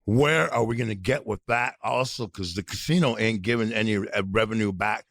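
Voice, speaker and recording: A man's voice: on the low side, a little fast, creaky, fairly bright tone, no echo, studio quality. A middle-aged man from North Dakota, co-hosting a podcast in a heated, blunt rant full of swearing. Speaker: podcast co-host. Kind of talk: angry outspoken podcast rant.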